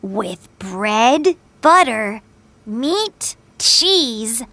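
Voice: medium pitch, sing-song, drawn-out words, bright, forceful tone, no echo, pitched above the performer's own voice, heavily acted. A storybook reader voicing a polite, eager little child asking a friend for food. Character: small child Robin, polite and helpful.

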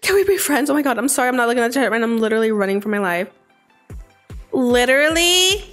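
A woman streaming a game live, chatting with viewers in a bubbly, excitable way and breaking into sudden squeals. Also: on the high side, fast talker. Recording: faint game music behind.

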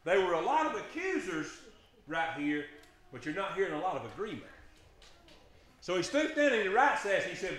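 A preacher delivers an impassioned sermon in a high, bright voice. His pitch swings widely as he presses his congregation with emphatic questions. The sound rings through an echoey church sanctuary. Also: sing-song, moderate pace.

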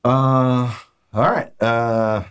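A man narrating as dungeon master, halting and repeating words as he describes the scene. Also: medium pitch, little pitch movement, clear, resonant tone. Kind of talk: narrating a tabletop game.

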